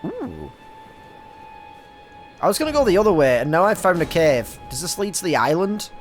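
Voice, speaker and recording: A young British man chatting through his first playthrough of a game. His voice sits a little high and swings with lively, animated pitch as he swears and stammers through reactions. Faint game music plays beneath him. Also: normal speed. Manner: excitable, swears often, stumbles over words. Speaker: gaming streamer. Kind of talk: casual let's-play commentary.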